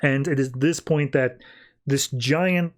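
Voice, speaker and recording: A man's voice: medium pitch, takes it slowly. A man hosting a podcast, casually recapping a comic in a chatty, rambling way full of 'like'. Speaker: podcast host.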